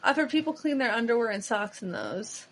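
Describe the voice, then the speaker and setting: A woman's voice: a little high, animated, brisk, a little hiss or hum. A woman co-hosting a podcast in casual chat, rambling with frequent restarts and fillers. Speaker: podcast co-host.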